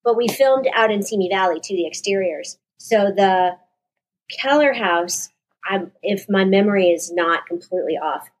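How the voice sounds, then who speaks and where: Speaking at a normal pace with a medium-pitched voice and lively intonation, a fifty-something actress on as a guest shares an emotional memory. Her telling rambles, and she keeps revising details as she goes.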